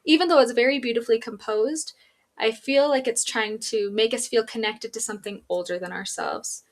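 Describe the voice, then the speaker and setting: A young woman speaks as an art student giving a class presentation, sounding earnest and reflective. Her voice sits a little high. She talks in a personal, thoughtful way. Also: moderate pace.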